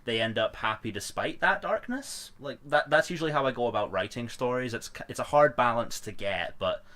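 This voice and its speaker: A man's voice: mid-range voice, lively intonation, a little fast, pushed and bright. A man co-hosting a podcast in casual chat, eager and teasing, with lots of fillers. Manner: enthusiastic, teasing, filler-heavy. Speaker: podcast co-host.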